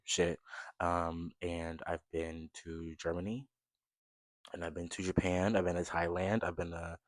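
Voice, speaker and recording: A young man in his twenties from the United States with a low, deep voice, talking casually to camera from his bedroom. His rambling, chatty delivery turns upbeat as he shows things around him. The sound is close and dry, with no room echo. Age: 20s. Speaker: vlogger.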